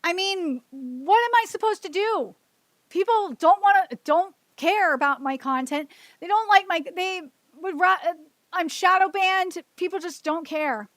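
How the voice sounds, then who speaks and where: A woman's voice: extremely high pitch, a little slow, fairly bright tone, no echo. A woman streaming alone, venting emotionally and with frustration, repeating herself and swearing. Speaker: streamer hosting her own show. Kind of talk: solo livestream venting.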